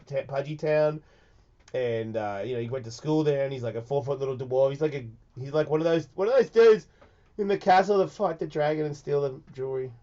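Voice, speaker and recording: A man hosting a radio show who talks in a rambling, profane way, swinging from mumbles to shouts, and says he is sick. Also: a little high, dull audio. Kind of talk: casual radio chat.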